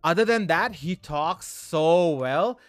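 A young man with a high, smooth and clear voice hosts a casual podcast. He teases his co-host and swears freely. The sound is dry and close. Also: takes it slowly, no echo. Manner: teasing, profane, animated. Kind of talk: casual chat.

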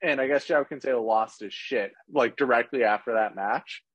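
A man co-hosting a podcast, talking in an animated, sarcastic way about football. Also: brisk, breathy edge, no room sound, dull audio. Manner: animated, sarcastic, quotes others in lowered voices. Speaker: podcast co-host. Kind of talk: casual sports chat.

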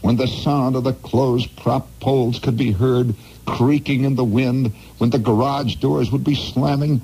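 Male radio host from the Midwest, husky and dark-toned, rambling wry monologue over faint music. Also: mid-range voice, steady tone, unhurried, rough recording. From American Midwest. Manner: wry, digressive, playful asides.

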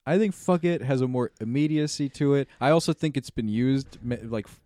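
A man's voice: medium pitch, a little fast, mellow, no room sound, studio quality. Wry, laid-back podcast co-host man. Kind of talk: casual comedic chat.

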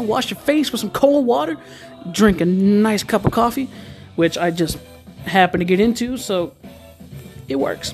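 A man hosting a podcast, giving a fast, joking, hyped-up pep talk. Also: very high voice, darkish tone. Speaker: podcast host. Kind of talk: casual pep-talk monologue.

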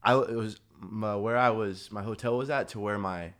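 A man's voice: fairly low pitch, steady tone, moderate pace, a bit bright. A young man talking as a podcast guest in casual chat, laid-back and rambling, laughing often.

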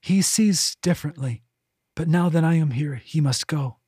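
A man's voice: on the high side, moderate pace, dark tone, breathy edge, no room sound, clean studio sound. A man reading an audiobook, voicing a small, loyal gray female cat who speaks by telepathy. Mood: knowing.

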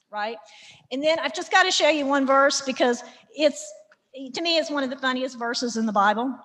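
A woman teaching a Bible lesson with lively, sarcastic humor, acting out the characters as she goes. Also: sits high. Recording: reverberant hall.

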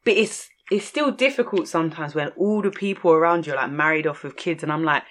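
A woman's voice: deep voice, fairly quick. A woman, co-hosting a casual podcast chat, candid and laughing often. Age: 30s. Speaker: podcast co-host.

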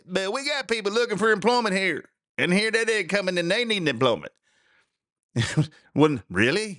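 Animated sarcastic male talk host. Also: a little high, no room sound, clean studio sound. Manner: animated, sarcastic, laughing often. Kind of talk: casual political commentary.

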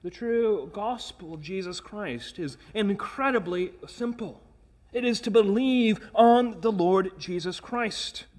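Pastor, male, fairly high voice, earnest emphatic sermon delivery with rhetorical questions. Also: measured pace, few pauses, a little mellow.

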